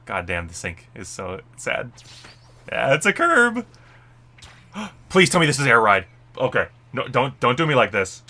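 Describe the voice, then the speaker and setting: A man streaming a live reaction, excitable and emotional, swinging from muttered guesses to shrieking and crying with joy. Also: medium pitch, a little slow, pauses often.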